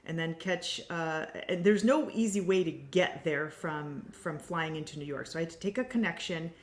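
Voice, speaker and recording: A woman co-hosting a casual livestream conversation. She tells stories in a lively way and laughs often. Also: sits low, moderate pace. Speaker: co-host, healing coach. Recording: roomy echo.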